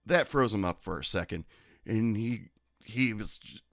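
A man's voice: fairly low pitch, measured pace, no echo, studio quality. A man, a bartender, telling stories from his bar in a casual, sardonic, profane way. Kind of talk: casual storytelling.

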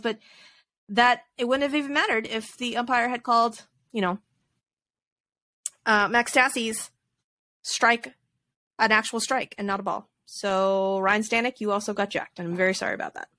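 This podcast co-host has a medium-pitched voice that sounds pushed and bright. Her casual sports chat centers on baseball, with laughter and rambling restarts throughout.

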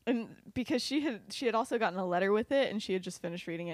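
A woman's voice: medium pitch, animated, rapid-fire, no room sound, studio quality. A young woman hosting a podcast, retelling a story casually with lots of giggles and fillers. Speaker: podcast host.

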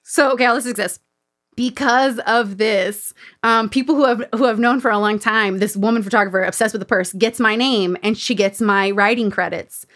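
A woman's voice: on the high side, normal speed. A woman host telling a story in casual chat, acting out the people she quotes. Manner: animated, acts out quoted voices. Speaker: podcast host.

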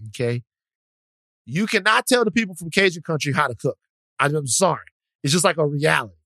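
A gravelly man from Louisiana co-hosts a podcast, his voice sitting a bit high. He talks in a loose, joking manner and trips over his own restarts. The sound is close and dry. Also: brisk, no echo. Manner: animated, joking, trailing restarts. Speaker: podcast co-host. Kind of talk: casual chat.

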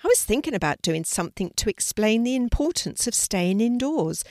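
A woman's voice: medium pitch, big pitch swings, normal speed, darkish tone, dry recording, studio quality, pitched above the performer's own voice. An older woman reading a storybook, voicing a cheerful, organised young schoolgirl in a lifted voice.

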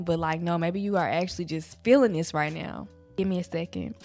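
A woman's voice: lowish voice, a little fast, faint music behind. A young woman and mother talking candidly and emotionally in a personal vlog, casual and conversational. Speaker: vlogger, mother.

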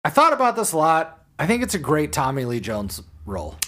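A man co-hosting a casual podcast chat, animated and given to trailing off into mumbles. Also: fairly high pitch, brisk. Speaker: podcast co-host.

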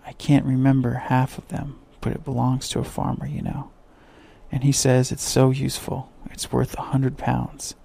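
A man's voice: medium pitch, moderate pace, warm tone. A man voicing an eager, polite little girl while reading a storybook aloud. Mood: eager chatter. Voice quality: creaky, husky. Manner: eager, chatty, earnest.

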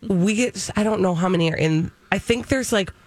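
A woman co-hosting a morning radio talk show, telling animated stories in a chatty way. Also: mid-range voice, fairly quick. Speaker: radio co-host.

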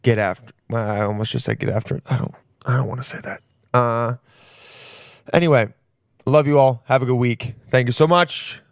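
A young male comedian opens his podcast with loose, rambling chatter, swearing freely and tossing in jokey asides. His voice sits at an ordinary middle pitch. The sound is close and dry, with no room around it. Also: steady tone, normal speed, clear, resonant tone, dry recording. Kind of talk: casual podcast intro chat.

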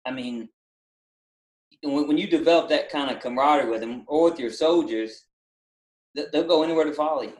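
Halting man with a country accent, roomy sound. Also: fairly high pitch, darkish tone. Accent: Southern US country. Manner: halting, repeats words, many fillers. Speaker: basketball coach and former Army drill instructor. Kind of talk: casual podcast interview.

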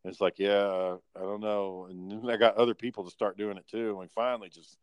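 A man's voice: fairly low pitch, flat delivery, fairly quick, smooth, dry recording, muffled recording. A man chatting casually on a podcast, rambling and swearing, with many fillers. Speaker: podcast co-host. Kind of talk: casual chat.

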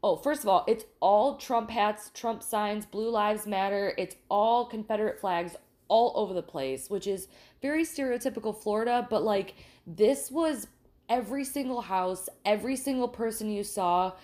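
A woman co-hosting a podcast, telling a story in casual, animated chat, swearing freely and restarting her sentences often. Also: mid-range voice, normal speed. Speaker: podcast co-host.

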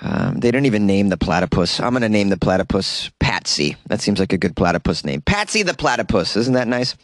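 A man's voice: fairly low pitch, big pitch swings, fairly quick, no echo. A man hosting a comedy news podcast, reading and commenting with sarcastic asides and frequent laughter. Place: small closet.

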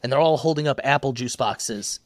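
A man's voice: medium pitch, moderate pace. A young man co-hosting a podcast, talking in a casual, rambling way full of fillers and laughs. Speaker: podcast co-host. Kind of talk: casual chat.

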